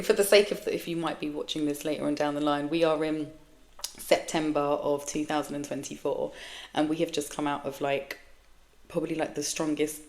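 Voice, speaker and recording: A woman in her forties hosts a candid solo podcast in a low voice. She talks frankly and swears often. She rambles, restarts and trails off as she goes. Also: darkish tone. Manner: restarts and trails off mid-thought. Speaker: podcast host.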